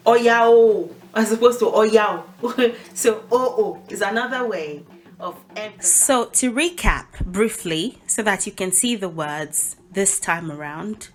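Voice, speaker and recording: A woman giving a casual spoken language lesson, explaining informally and laughing at her own slips. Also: mid-range voice. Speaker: language teacher.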